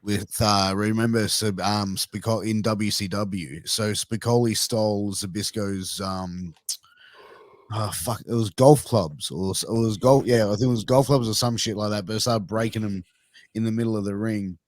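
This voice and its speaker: A low-pitched man chatting loosely on a podcast, swearing casually and pausing to find his words. He sounds close to the mic and dry. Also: steady tone, no room sound. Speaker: podcast co-host.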